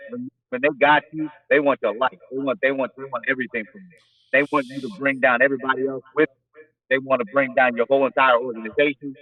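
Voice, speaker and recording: A man's voice: mid-range voice, fairly even intonation, fast talker. A man speaking as an interview guest, blunt and profane, repeating phrases as he builds his point. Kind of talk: casual interview talk. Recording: phone-like remote audio.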